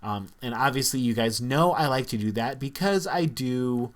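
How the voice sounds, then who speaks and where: A man's voice: mid-range voice, lively intonation, normal speed. A man, talking earnestly and reflectively to camera in a casual vlog, with frequent fillers. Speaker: vlogger.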